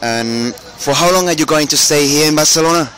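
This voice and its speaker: Fast-talking man interviewing on the street. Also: on the high side, a bit bright, low-quality recording. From Catalonia. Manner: halting, searching for words. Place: outdoors on a busy street. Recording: street traffic noise behind.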